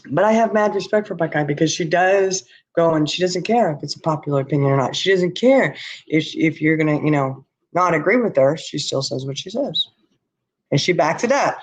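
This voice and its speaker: A woman's voice: on the low side, lively intonation, moderate pace, husky. A tired woman hosting a casual livestream, talking bluntly and answering her chat as she goes. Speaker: livestream host. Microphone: laptop or webcam.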